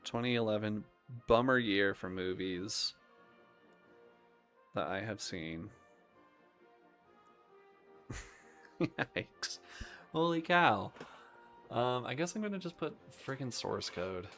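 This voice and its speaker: A man's voice: fairly low pitch, lively intonation, unhurried, fairly bright tone, faint music behind. A young man hosting a live stream, chatting casually about movies in a rambling way, with lots of ums and half-finished thoughts. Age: young adult.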